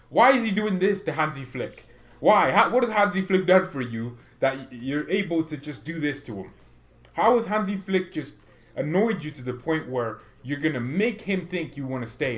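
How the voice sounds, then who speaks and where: A man with a fairly high pitch and fairly bright tone hosts a fan channel. On a live stream, he rants in exasperation while reading his chat, laughing often.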